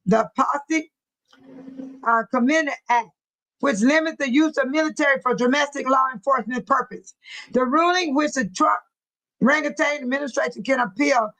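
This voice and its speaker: High-voiced woman chatting on a livestream. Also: bright, forceful tone, low-quality recording. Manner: chatty, reads articles aloud and talks back to chat. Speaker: livestream host. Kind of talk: casual livestream chat, reading news aloud.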